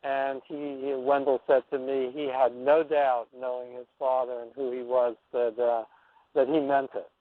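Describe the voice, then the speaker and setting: A man's voice: mid-range voice, flat delivery, moderate pace. A man in his sixties, an anthropologist guesting on a radio show, telling a story in a reflective, wandering way and often restarting his sentences. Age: 60s. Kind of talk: rambling storytelling on a call-in interview. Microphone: telephone. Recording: dry, tinny phone line.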